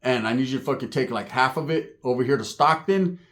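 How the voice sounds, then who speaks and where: A man voicing an easygoing, soft-spoken male drug dealer in a low, slow, soothing drawl. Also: expressive, natural voice. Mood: confiding.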